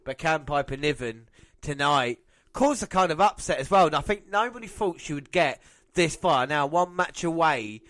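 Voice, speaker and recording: A man co-hosting a podcast, giving excitable, teasing play-by-play commentary on wrestling and laughing often. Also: on the high side, normal speed, no echo. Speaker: podcast co-host. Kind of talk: casual wrestling watch-along commentary.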